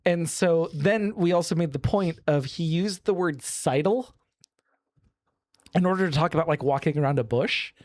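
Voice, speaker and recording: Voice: mid-range voice, darkish tone, dry recording. Chatty, laughing podcast co-host, dry sound. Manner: rambling, quick to laugh. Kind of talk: casual pop-culture chat.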